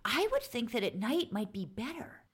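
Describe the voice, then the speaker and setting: A woman's voice: fairly high pitch, big pitch swings, normal speed, breathy edge. Chatty female co-host, casual and talkative, drifts into side stories. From United States. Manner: chatty, rambling asides. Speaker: podcast co-host. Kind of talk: casual chat.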